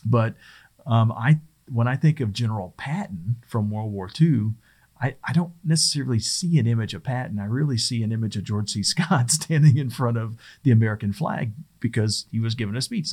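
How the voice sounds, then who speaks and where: A man's voice: medium pitch, animated, normal speed, a little mellow. A middle-aged man giving a casual instructional talk as a presentation skills trainer, rambling and conversational with frequent restarts.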